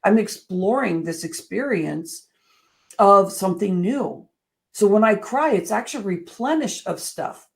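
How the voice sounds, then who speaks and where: A woman giving an earnest, expressive motivational talk as a coach, moving between soft, slow passages and lively emphatic ones. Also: mid-range voice, gravelly. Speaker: speaker and coach.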